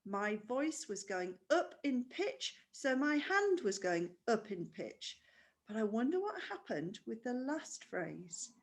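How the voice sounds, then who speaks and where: A woman's voice: fairly high pitch, sing-song, slow pace. Patient woman teaching a music lesson. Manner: patient, explaining step by step with questions. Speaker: primary school music teacher. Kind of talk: recorded online music lesson.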